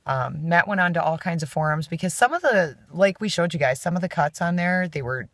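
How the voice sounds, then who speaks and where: A woman's voice: on the low side, animated, a little fast, a bit bright, no room sound, studio quality. A woman chatting casually to the camera as a vlogger, rambling with many fillers, from inside a moving car. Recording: road noise from a moving car.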